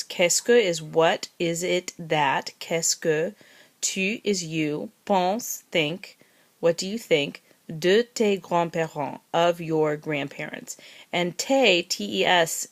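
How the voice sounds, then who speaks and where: A woman teaching a recorded language lesson, who says phrases slowly, repeats them and spells words letter by letter. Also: deep voice. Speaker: French teacher.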